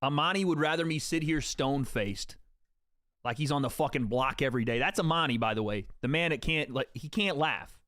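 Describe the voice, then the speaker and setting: A man's voice: mid-range voice, brisk, fairly bright tone, no echo, studio quality. A young man hosting a livestream, joking and swearing casually as he talks to his chat. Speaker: streamer host.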